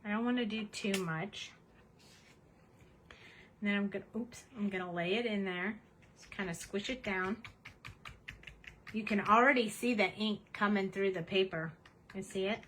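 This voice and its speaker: A woman's voice: medium pitch, normal speed, long pauses, a bit bright, slight background noise, low-quality recording. A woman hosting a casual craft demonstration at her home desk, chatty and cheerful as she narrates each step. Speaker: craft tutorial host.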